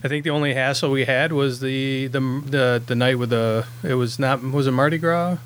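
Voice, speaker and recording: A man's voice: medium pitch, steady tone, moderate pace, a little hiss or hum. A man who directs independent films, talking in a casual podcast chat, rambling with lots of fillers and restarts.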